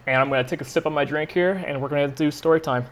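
A man's voice: a little high, fast. A young adult man hosting a podcast, telling a rambling, profane story in a casual, laid-back way. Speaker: podcast host.

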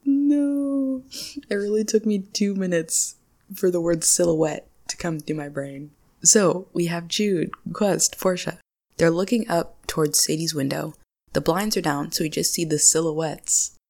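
A young woman with a low, gravelly voice hosts a solo podcast recap. She chats casually and laughs often, slipping into playful voices when she quotes characters. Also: darkish tone. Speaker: podcast host.

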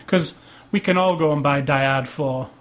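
A man's voice: fairly high pitch, moderate pace, a bit bright. A man co-hosting a podcast in casual chat, rambling and laughing as he jokes. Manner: rambling, jokey, laughs often. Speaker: podcast co-host.

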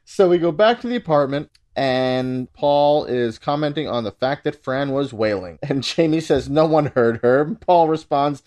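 A man's voice: fairly high pitch, expressive, normal speed, hardly any pauses, a little mellow, dry recording. A man co-hosting a podcast, chatting casually and laughing as he retells scenes from an episode. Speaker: podcast co-host. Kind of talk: casual chat recapping a sitcom episode.

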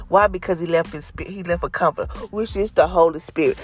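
A woman's voice: fairly low pitch, a little fast, hardly any pauses, breathy edge, faint music behind. A middle-aged woman and mother giving an earnest faith testimony to her viewers, stressing her points by repeating phrases. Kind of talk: heartfelt faith talk to viewers.

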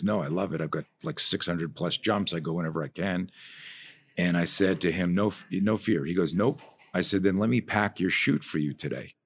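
A man with a very low voice and a husky, breathy edge, talking as a guest on a podcast. He tells stories with plenty of energy, loses his thread now and then, and circles back with restarts. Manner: animated storyteller, trails off and restarts sentences. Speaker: guest, fear-management and martial arts trainer. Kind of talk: conversational podcast storytelling.

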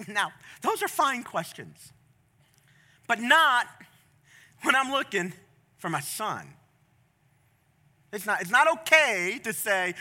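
Bright-voiced passionate male pastor preaching. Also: sits high, big pitch swings, slow pace, long pauses. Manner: passionate, swings from quiet storytelling to loud emphatic preaching. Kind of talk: sermon. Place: church stage.

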